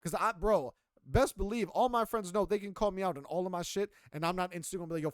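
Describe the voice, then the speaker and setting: Young male podcast co-host, casual and profane storyteller, voice sits a bit high, dry sound. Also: fast talker, hardly any pauses, no room sound. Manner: animated, profane, emphatic storytelling.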